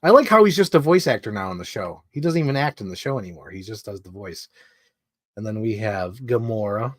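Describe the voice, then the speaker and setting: Here the man's low voice turns expressive and fairly quick as he rambles casually through his collectibles on a live stream, dropping lots of fillers. Sound is studio grade with no room echo.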